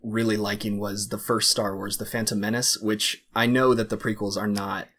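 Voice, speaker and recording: Low-voiced young man, easygoing guest. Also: flat delivery, normal speed, fairly bright tone. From United States. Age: 20s. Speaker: guest filmmaker. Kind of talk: casual interview chat.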